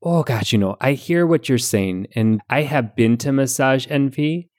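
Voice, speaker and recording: A man's voice: medium pitch, normal speed, a little mellow, lightly acted. A chatty Midwestern mom columnist with a homey Midwestern accent, as a man puts her on, dishing out folksy advice. The voice sits in a middling range, wandering and loose rather than polished. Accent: Midwestern American, put on. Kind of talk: podcast comedy bit.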